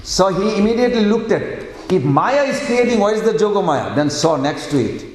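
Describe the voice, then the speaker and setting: A man preaching at a devotional scripture class, questioning the audience and acting out quoted voices with sudden loud outbursts, in non-native English. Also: high voice, sing-song, brisk. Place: class room. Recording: roomy hall with long echo.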